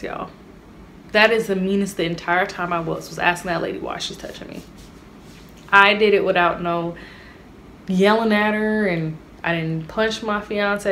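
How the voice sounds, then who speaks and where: A woman's voice: mid-range voice, fairly even intonation, normal speed, fairly bright tone, slight background noise. A young woman, chatting animatedly and straight to her viewers in a casual storytime vlog. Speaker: vlogger.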